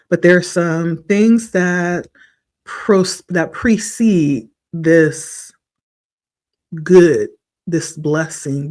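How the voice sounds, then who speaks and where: A man giving a spiritual tarot reading in a slow, reflective, encouraging way, his voice a little hoarse from the morning. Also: fairly high pitch. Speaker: tarot reader.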